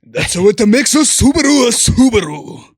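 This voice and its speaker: A man's voice: very high-pitched, very animated, normal speed, slightly rough, dry recording, studio quality, pitched above the performer's own voice, heavily acted. A man putting on an exaggerated joking accent voice for a comedy bit. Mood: goofy. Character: comic adult man, loud high mock-accent voice.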